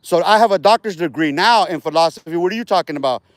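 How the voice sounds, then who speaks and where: A man's voice: on the high side, lively intonation, fast, dry recording, studio quality. A man livestreaming outdoors in a park while walking, talking casual street slang and boasting with profanity.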